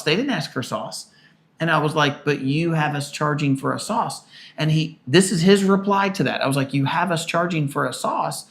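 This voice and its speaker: Gravelly man telling a long work story. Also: on the high side, moderate pace. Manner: animated storyteller, acts out quoted people loudly. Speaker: podcast co-host. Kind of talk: casual storytelling chat.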